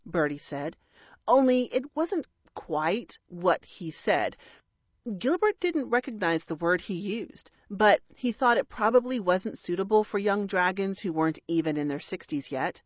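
A woman reads a story aloud at an unhurried, slow pace, with dry, wry timing. Her pitch moves in a lively way. The recording is dry, with a slightly dull, muffled tone. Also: dry recording. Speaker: narrator. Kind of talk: audiobook narration.

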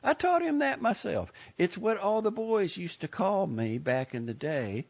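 Guy doing a nosy plump old lady, shrill and preachy, kinda husky and lo-fi. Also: big pitch swings, a little slow, darkish tone, full character voice. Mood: chatty. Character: plump older Southern woman, pompous, nosy.

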